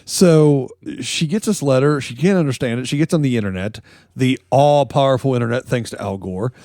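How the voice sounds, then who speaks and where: A man's voice: mid-range voice, a little fast, warm tone, no room sound. Male podcast co-host, jokey rambling news bits, dry close sound. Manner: joking, rambling storytelling with laughs. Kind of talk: casual comedic news chat.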